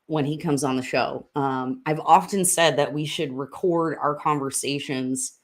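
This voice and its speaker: Upbeat, chatty woman with a lowish voice. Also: fairly even intonation, unhurried. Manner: upbeat, chatty, with frequent fillers. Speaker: podcast host and congressional candidate. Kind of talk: casual political chat. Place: room in a house under renovation.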